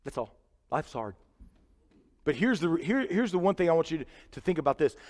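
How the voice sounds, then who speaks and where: A man preaching a sermon in a church, earnest and conversational, swinging between loud emphasis and quiet asides. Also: a little high, sing-song, brisk. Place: church sanctuary. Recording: reverberant church hall.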